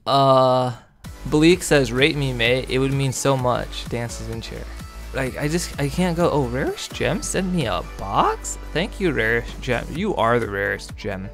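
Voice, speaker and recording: A man's voice: medium pitch, animated, a little slow, vocal fry, a bit bright. A young man giving casual, goofy commentary while rating game outfits, rambling and laughing often. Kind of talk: casual commentary over gameplay. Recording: faint background music.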